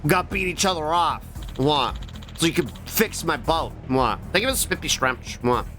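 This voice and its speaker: A man's voice: a little high, animated, brisk, pushed and bright. A young man streaming a video game, chatting casually with goofy, absurd quips and repeated silly noises, game music behind. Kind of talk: casual gameplay commentary.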